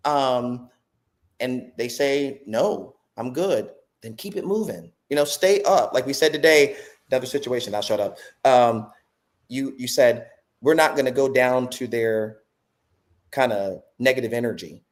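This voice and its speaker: A man in a podcast conversation, talking in a reflective, animated way, with preacher-like repetition and acted quotes. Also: medium pitch, unhurried. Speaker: podcast guest speaker.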